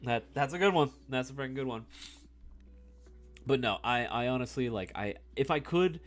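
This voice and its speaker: A man's voice: mid-range voice, animated, moderate pace, soft background music. A man in his thirties chatting casually on a live stream, reading the chat, laughing often and calling people "bro" and "dude.".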